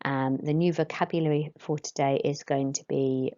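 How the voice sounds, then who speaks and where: A woman, teaching French to pupils and modelling each word slowly and clearly. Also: low voice, steady tone, dark tone. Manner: slow, careful modelling of pronunciation for pupils. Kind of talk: recorded classroom lesson. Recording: dull lo-fi recording.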